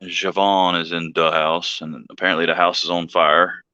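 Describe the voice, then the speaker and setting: Joking man host deep, tense edge, dry, muffled stream sound. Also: level tone, normal speed, bright, forceful tone, no room sound. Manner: rambling, jokey, greets viewers by name. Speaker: livestream co-host. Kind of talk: casual joking chat.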